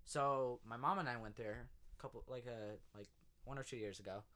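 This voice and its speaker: A young man talking casually, his tone bright and forward at a middle pitch. He jokes easily and tells a story slowly, with many fillers. His manner is relaxed and friendly. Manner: easygoing, joking, halting with fillers while telling a story. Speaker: podcast co-host.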